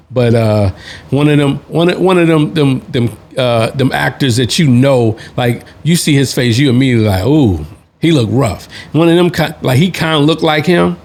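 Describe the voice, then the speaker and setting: A man's voice: medium pitch, a little mellow. A man hosting a show, telling a story in a casual, rambling way, full of restarts and slang. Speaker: podcast host, Navy veteran.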